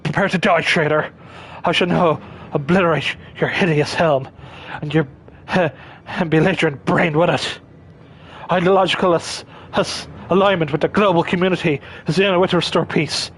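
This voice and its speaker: A man voicing a tough, gruff male soldier who barks menacing threats in game dialogue. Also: fairly high pitch, fairly even intonation, moderate pace, fairly bright tone, voice pushed down.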